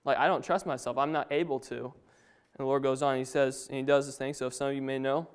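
A man's voice: mid-range voice, steady tone, brisk, clear, resonant tone. A young man giving an informal Bible talk to his family, a little nervous, with casual asides and chuckles. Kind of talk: informal sermon.

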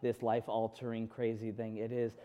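A man's voice: on the low side, monotone, normal speed, mellow. A man in his thirties preaching a sermon, telling a personal story candidly and quoting his own inner dialogue. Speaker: pastor.

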